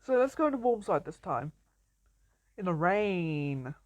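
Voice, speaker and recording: With a fairly low voice that swings widely in pitch and moves a little slowly, a young woman playfully commentates a survival game as a casual let's-play. She chats, laughs often, and greets animals. There's no room sound.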